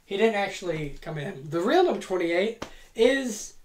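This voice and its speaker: A host talks through a make-believe wrestling card in a loose, rambling way, cracking jokes, swearing and poking fun at themselves. The voice sits at a middling pitch, and the room around it is roomy and echoing. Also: big pitch swings, normal speed, slight background noise. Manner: rambling, joking, profane, self-deprecating. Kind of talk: casual fantasy booking narration. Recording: roomy echo.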